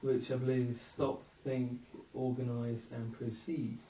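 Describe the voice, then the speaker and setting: A man interviewing someone, asking halting questions with many hesitations. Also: medium pitch, little pitch movement, dark tone, far from the mic. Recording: echoey room from off-mic with faint noise.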